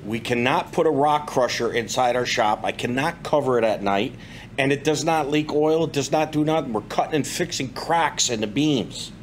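A man's voice: mid-range voice, normal speed, a little hiss or hum. A man, a business owner, angrily complaining at a town commission meeting. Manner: angry, heated complaining. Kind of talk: public comment at town meeting.

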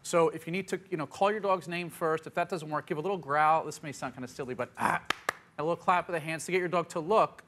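A man answering audience questions as a pet expert on a TV talk show, upbeat and quick. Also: on the high side, noisy background. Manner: upbeat, quick, puts on dog voices in quotes. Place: TV studio with audience.

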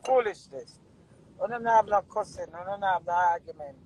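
Here a Jamaican-accented woman delivers a furious rant, her monologue heated and laced with repetitive profanity. Her mid-range voice has a darkish tone and moves at a moderate pace, captured in a rough recording.

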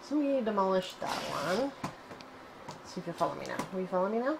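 A woman hosting casual gameplay commentary, chatty and excitable, cooing fondly at her in-game pet. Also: medium pitch, quick pace, vocal fry, noisy background. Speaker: gaming channel host.

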